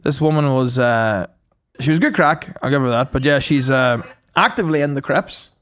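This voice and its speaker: A Northern Irish man co-hosting a podcast, telling a story in a lively way, swearing and acting out the quotes. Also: mid-range voice, moderate pace. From Northern Ireland. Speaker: podcast co-host. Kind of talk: casual storytelling chat.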